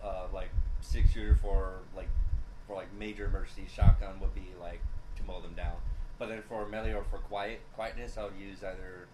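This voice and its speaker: A man's voice: low-pitched, flat delivery, a little fast. A young man in casual podcast chat, hesitant and full of fillers. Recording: echoey room with background noise.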